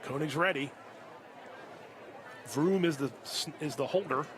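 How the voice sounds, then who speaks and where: A male play-by-play announcer calls a high school football game live, unhurried until big plays, when his pitch and volume rise sharply. Crowd noise and music fill the noisy background.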